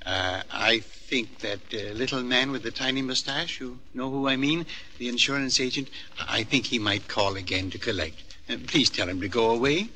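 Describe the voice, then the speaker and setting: An actor playing a timid, lonely elderly lodger who speaks politely and haltingly with many hesitations. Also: male voice, mid-range voice, sharp tone, a little hiss or hum, natural voice. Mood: fretful. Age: older.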